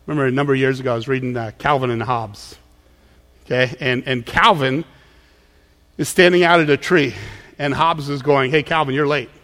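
A man's voice: mid-range voice, steady tone, moderate pace, long pauses, fairly bright tone. A man preaching a sermon as pastor, conversational, acting out quoted voices. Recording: long hall reverb.

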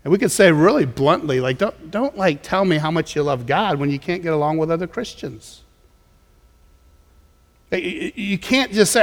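A male pastor with a high, animated and slightly bright voice preaches a sermon at a moderate pace. He keeps it conversational, repeating words and restarting often. Recorded in a church sanctuary, the audio has a large hall's long reverb.

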